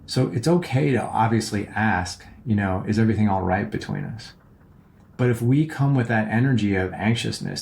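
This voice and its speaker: Low-voiced guy with a gravelly edge, coaching other men on a podcast, earnest and rambly, keeps saying "right?". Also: darkish tone. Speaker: podcast host and relationship coach. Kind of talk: casual advice monologue.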